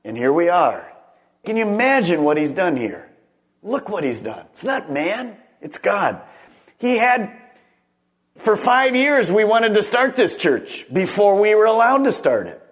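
Man preaching with emphatic rises and hushes. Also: high voice, big pitch swings, unhurried. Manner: emphatic preaching, swinging between raised and hushed phrases; asks the congregation questions directly. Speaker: pastor. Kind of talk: sermon.

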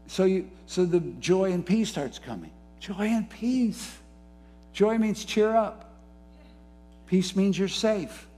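A man preaching a sermon, moving between soft, low musing and rising, fervent emphasis. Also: animated, takes it slowly. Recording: faint music behind.

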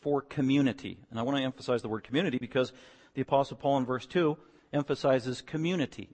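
A man's voice: mid-range voice, fast talker. Emphatic preaching man in a reverberant hall. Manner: emphatic, building to loud repeated declarations. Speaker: pastor. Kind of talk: sermon.

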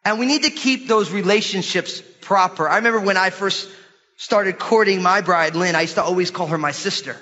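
A middle-aged man preaching a sermon in a church, lively and questioning his congregation. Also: sits high, a little fast. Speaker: pastor. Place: church hall. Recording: dull sermon recording in a large hall.

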